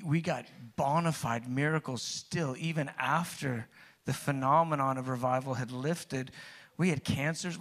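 A man gives a personal testimony sermon, telling his own story conversationally in a medium-pitched, creaky, slightly bright voice. His restarts build up to emphatic peaks.

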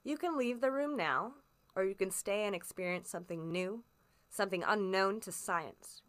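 A woman reading an audiobook aloud, voicing an impatient, sinister short man who speaks urgently and forcefully. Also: medium pitch, normal speed, natural voice. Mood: commanding.

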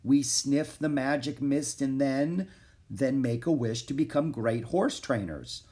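A man's voice: medium pitch, unhurried, mellow, pitched above the performer's own voice, close to an everyday voice. A man reading a children's storybook aloud, voicing an eager, upbeat young girl in a raised voice. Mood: breathless. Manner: upbeat, coaxing, confident.

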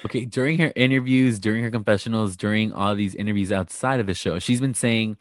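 Animated man recapping reality TV. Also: fairly low pitch, fast talker, dry recording, clean studio sound. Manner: animated, acts out quotes with laughter. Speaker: podcast co-host. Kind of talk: casual reality TV recap chat.

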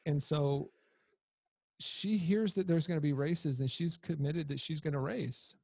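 A man in his thirties recounts a family story with a husky voice. He talks loosely and conversationally, with fillers and self-corrections, and finds the humor in it. The sound is dry and close. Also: fairly high pitch, measured pace, darkish tone, no room sound. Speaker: storyteller, father. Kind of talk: casual personal storytelling.

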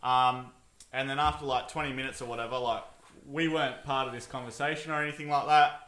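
A man's voice: medium pitch, fairly even intonation, fairly quick, a bit bright, echoey room. A man co-hosting a podcast, telling a story hesitantly with many ums and restarts. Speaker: podcast co-host. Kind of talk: casual storytelling.

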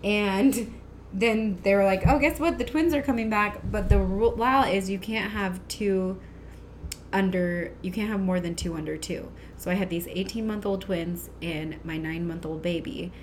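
Animated woman telling a personal story. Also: mid-range voice, measured pace, a little hiss or hum. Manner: animated, laughing often. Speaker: guest. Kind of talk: casual storytelling.

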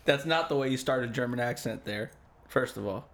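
Give me a man with an average-pitched voice throwing deadpan, sarcastic one-liners into a relaxed podcast chat. He sounds dry and joking. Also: brisk. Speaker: podcast co-host.

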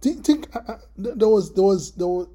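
A preacher giving a sermon, halting and repeating words, often clearing the throat and putting questions to the listeners. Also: medium pitch, expressive, dark tone.

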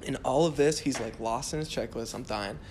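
Animated man telling a flying story. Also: mid-range voice, a little fast, noisy background. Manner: animated, laughing storyteller, says "dude" a lot. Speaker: flight instructor. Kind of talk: casual storytelling chat.

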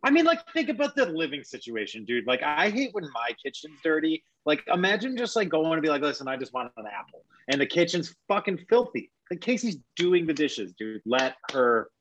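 A man's voice: a little high, big pitch swings, fairly quick, hardly any pauses, a bit bright, dull audio. A man co-hosting a podcast, ranting emphatically in casual chat, full of "like" and "dude". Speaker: podcast co-host.

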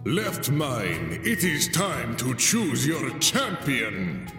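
A man voicing a male tribal leader who shouts drawn-out announcements to a crowd. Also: mid-range voice, huge pitch swings, reverberant, big-room sound, far from the mic, music in the background, voice pushed up, full character voice. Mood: proclaiming. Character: male tribal leader presiding over a fight.

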